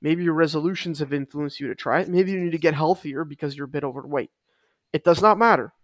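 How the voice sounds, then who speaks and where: A man's voice: fairly high pitch, fast talker, dry recording, studio quality. A man co-hosting a casual fitness podcast, talking with emphasis and repeating his key points. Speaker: podcast co-host.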